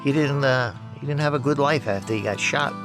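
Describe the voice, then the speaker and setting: An older man telling rambling, profane stories with lots of halting restarts. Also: mid-range voice, music in the background. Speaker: interviewee. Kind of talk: personal storytelling.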